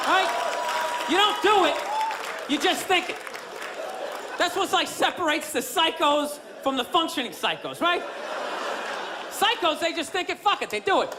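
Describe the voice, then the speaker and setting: A man with a high-pitched voice working a club stage, swearing through a rambling stand-up routine full of rhetorical asides. Audience murmur and laughter fill the noisy live room around his handheld mic. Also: very animated, moderate pace, pauses often. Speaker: stand-up comedian. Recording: live club audio with crowd noise.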